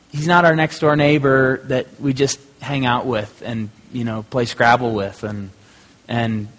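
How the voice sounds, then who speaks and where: A man preaching a sermon as pastor, talking conversationally and often restarting his phrases. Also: mid-range voice. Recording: hall with long reverb.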